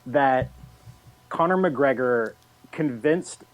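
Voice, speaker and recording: A man co-hosting a podcast, speaking in a relaxed, casual way. He comes across as blunt and frank and swears offhandedly. His voice sits at an ordinary middle pitch. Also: drawn-out words, low-quality recording. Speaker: podcast co-host. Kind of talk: casual chat.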